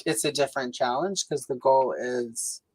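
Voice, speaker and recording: A woman's voice: moderate pace, no echo, low-quality recording. Chatty woman hosting a coloring livestream. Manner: chatty, filler-heavy, lively swings in pitch. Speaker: livestream host. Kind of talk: casual chat while coloring.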